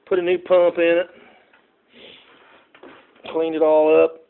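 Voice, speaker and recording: A man's voice: fairly high pitch, level tone, slow pace, gravelly. A man talks casually and folksily while fixing a lantern, calling his viewers "folks" and rambling with plenty of "uh"s, recorded on a phone indoors at home. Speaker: home repair vlogger. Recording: tinny phone recording with faint noise.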